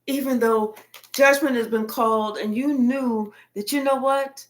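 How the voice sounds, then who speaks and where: A woman giving a casual tarot reading in her own voice. She talks bluntly and colloquially and swears often. Her voice sits a little above average in pitch. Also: fairly even intonation, unhurried, slight background noise. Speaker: tarot reader.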